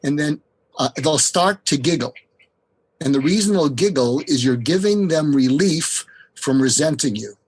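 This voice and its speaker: A man's voice: on the high side, expressive, normal speed, a little mellow, husky, no room sound, low-quality recording. A man speaking as a podcast guest, earnestly explaining ideas and giving step-by-step tips with frequent hesitations. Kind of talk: explanatory interview talk.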